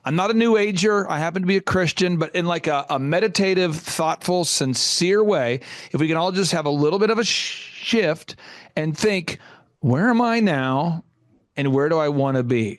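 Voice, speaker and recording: Middle-aged man, host, motivational storytelling, slightly high voice, dry close sound. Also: no echo. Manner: animated, acts out voices in his stories.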